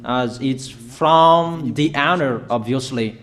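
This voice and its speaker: A man preaching a declaratory sermon, emphatic and repetitive, addressing listeners directly with halting pauses. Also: medium pitch, a bit bright.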